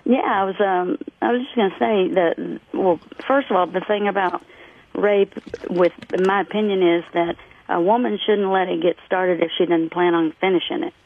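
A woman's voice: on the low side, fairly even intonation, moderate pace, gravelly. A woman in her forties from Texas, calling into a radio show and talking hesitantly with fillers. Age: 40s. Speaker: caller. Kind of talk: call-in chat. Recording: tinny phone line.

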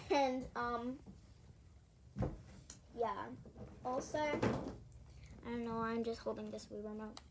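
High, slow, giggly vlogger. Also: female voice, level tone, very noisy. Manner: rambling, giggly, self-interrupting. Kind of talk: casual home vlog.

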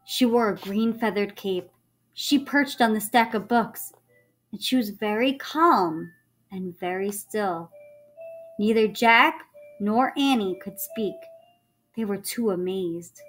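A woman teacher reading a children's book aloud to her students, expressive and animated, checking in with them along the way. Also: medium pitch, slow, soft background music.

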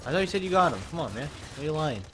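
A man's voice: on the high side, very fast. A young man casually chatting and swearing while playing an online shooter with friends, often laughing. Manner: excitable, swearing, laughing banter. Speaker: gaming channel host. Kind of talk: casual multiplayer gaming chat. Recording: noisy game audio behind voice.

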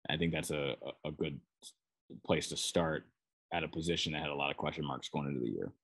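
A man's voice: a bass voice, a little fast, fairly bright tone, slightly rough. A man with a Minnesotan accent, a sports beat writer, talking through football analysis on his podcast in a loose, conversational way with frequent restarts.

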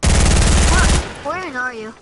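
A young woman with a high, lively voice chats while gaming, flustered and pleading between quick exclamations. The recording is noisy. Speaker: gamer. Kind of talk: casual gaming chat.

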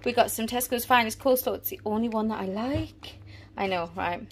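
A woman's voice: on the high side, a little fast, slight background noise. A woman in her thirties chatting casually through a grocery haul at home, rambling and trailing off as she goes. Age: 30s. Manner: chatty, rambling, often trails off mid-sentence. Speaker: family vlogger. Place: family home, indoors.

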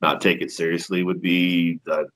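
A man's voice: low-pitched, little pitch movement, moderate pace, a bit bright, rough recording. A man who works as a ring announcer, telling stories in a laid-back, profane, self-deprecating way as a podcast guest. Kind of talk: casual podcast storytelling.

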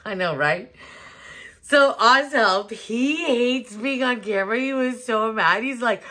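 A woman's voice: on the high side, a little slow. Chatty woman vlogging at home. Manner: chatty, animated, laughs often, many restarts. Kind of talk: casual chat to camera. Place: home bedroom.

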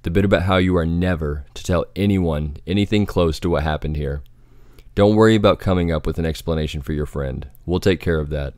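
A man's voice: deep voice, fairly even intonation, a little fast, darkish tone, dry recording, clean studio sound, close to an everyday voice. A man voicing a cold, gloating female villain giving orders. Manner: cool, gloating, instructive.

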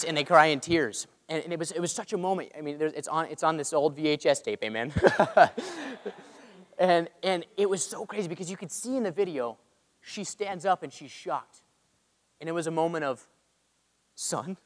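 Earnest and calling out for amens, a preacher tells the congregation a personal story in a church hall. His pitch is fairly high and his tone fairly bright, and the recording has the long reverb of a large hall.

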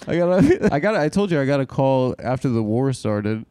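A young adult man hosting a podcast, joking in a dry, deadpan way. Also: medium pitch, a little fast, clean tone, no echo. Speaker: podcast host. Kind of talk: casual podcast chat.

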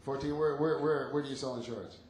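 A man's voice: mid-range voice, quick pace. A male stand-up comedian doing brash, profane crowd work on a comedy club stage. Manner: brash, profane, teasing audience members. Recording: echoey club, noisy crowd recording.

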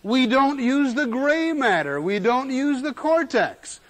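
An emphatic male lecturer with a fairly high voice, possibly older, teaching a class on general semantics. He hammers key words by repeating them. The sound is an old 1970s lecture recording. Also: expressive, slow, a bit bright.

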